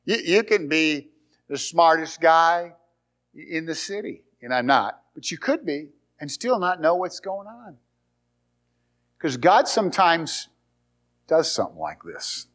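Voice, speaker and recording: A male pastor with a slightly higher voice preaches, reading scripture and then retelling it with animated, storytelling energy. He moves between reading and lively comment. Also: a little slow. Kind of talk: sermon.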